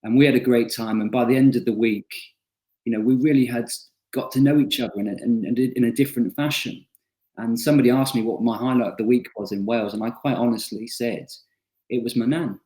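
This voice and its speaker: A man's voice: mid-range voice, steady tone, brisk, mellow. A young man, an author, telling self-deprecating stories in a casual chatty interview, with frequent fillers and restarts. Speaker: author interviewed about his book. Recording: roomy echo.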